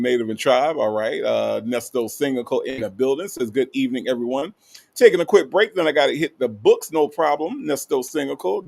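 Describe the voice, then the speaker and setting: A man's voice: mid-range voice, creaky. A man hosting a casual live stream, reading viewer comments aloud and greeting each one playfully. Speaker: livestream host.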